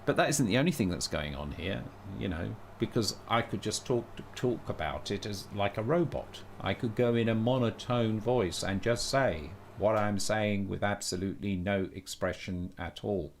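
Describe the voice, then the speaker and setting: A man's voice: lowish voice, moderate pace, creaky, hardly any pauses, a little hiss or hum. Opinionated man thinking aloud on stream. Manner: thinks aloud, frequent restarts and self-corrections; opinionated, blunt. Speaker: live streamer. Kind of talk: casual live-stream monologue.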